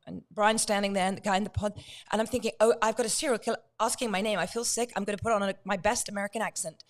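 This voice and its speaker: A woman guest on a talk show, telling a story in a lively way and acting out the dialogue. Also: mid-range voice, fast talker. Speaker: guest, true crime author.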